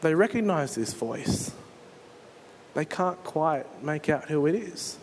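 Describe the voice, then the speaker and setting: A man's voice: fairly high pitch, animated, slow pace, slight background noise. A male pastor, preaching a sermon and retelling a story with earnest storytelling. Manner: earnest storytelling, dramatizes scenes.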